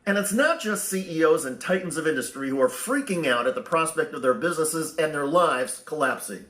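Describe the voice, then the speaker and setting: A man's voice: fairly high pitch, animated, a little fast, a bit bright, roomy sound. A man reading scripted news narration in a pointed, editorializing way.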